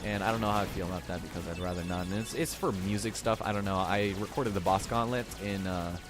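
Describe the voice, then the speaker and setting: A man's voice: sits low, fairly even intonation, quick pace. A young man giving casual, rambling commentary while playing a video game, joking and laughing often. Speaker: gameplay commentator. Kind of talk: casual let's play commentary. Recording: game music behind. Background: game music.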